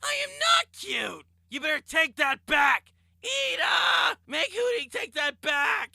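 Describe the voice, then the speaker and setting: A man voicing a small, boastful male demon king who shouts and takes offense easily, recorded close on a studio mic. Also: very high-pitched, huge pitch swings, slow pace, creaky, no room sound, pitched above the performer's own voice, heavily acted. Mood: haughty. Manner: shouty, indignant.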